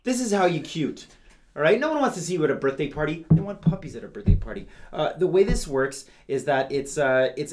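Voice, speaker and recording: A man's voice: mid-range voice, a little mellow. A man hosting a comedic news show, playful and gushing as he talks straight to his audience.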